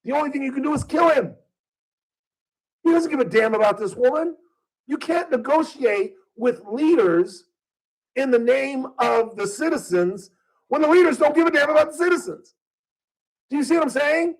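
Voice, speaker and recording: A man's voice: very high voice, moderate pace, low-quality recording. A male talk radio host speaking from a studio, delivering a combative opinion monologue full of rhetorical questions. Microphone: studio microphone.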